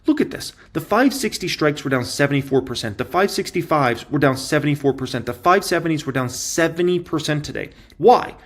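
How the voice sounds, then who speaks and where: A man giving casual stock market commentary in an emphatic, excitable way, repeating his points for effect. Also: fairly high pitch, brisk, few pauses.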